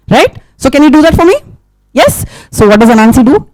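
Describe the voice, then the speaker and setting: A woman telling an interactive story to a live audience, keeping it animated with questions and sound effects. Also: high voice, fairly quick, dry recording. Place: festival session with a live audience.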